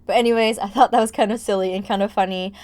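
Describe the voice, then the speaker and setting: A woman's voice: mid-range voice, steady tone, quick pace, darkish tone. A young woman talks over her gameplay in a loose, rambling vlog voice, padding her sentences with "like". She sounds a bit breathless and wired from caffeine. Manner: chatty, rambling, heavy use of "like". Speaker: gaming vlogger. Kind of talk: casual voice-over commentary on a building game.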